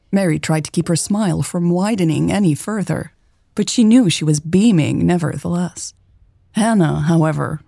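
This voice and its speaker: A woman narrates a romance story in a steady, even manner. Her voice is low and dark with a gravelly, husky texture. The dry recording carries faint music behind her. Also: no echo. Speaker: audiobook narrator.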